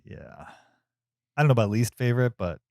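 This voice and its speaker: A man's voice: medium pitch, expressive, fairly quick, a little mellow, no echo. A man in his forties co-hosting a movie podcast, chatting casually with a dry, teasing manner. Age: 40s. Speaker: podcast co-host. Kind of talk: casual chat.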